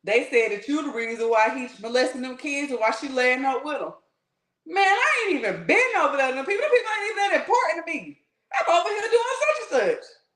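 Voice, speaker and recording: A woman's voice: high-pitched, fairly quick, hardly any pauses, a bit bright. A woman voicing a smug, dismissive male devil who talks in slangy, scoffing asides. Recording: roomy echo.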